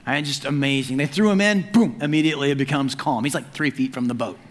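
A man preaching a sermon as pastor in an animated, conversational and humorous way. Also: medium pitch, quick pace. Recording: long hall reverb.

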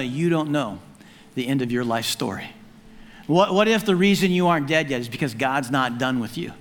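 A man preaching a sermon as pastor in an animated, conversational and humorous way. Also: medium pitch. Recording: long hall reverb.

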